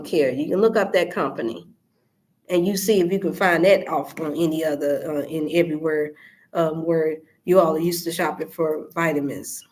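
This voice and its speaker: A middle-aged woman hosting a wellness show in casual, preachy livestream talk to her viewers, turning animated and emphatic. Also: sits low. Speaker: wellness channel host.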